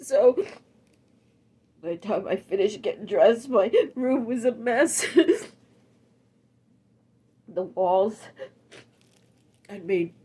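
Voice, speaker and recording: A middle-aged woman tells a personal story in tears, her voice breaking, with halting narration that erupts into sobbing shouts. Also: medium pitch, breathy edge. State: tearful, voice breaking. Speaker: storyteller recounting a personal loss. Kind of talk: emotional personal testimony.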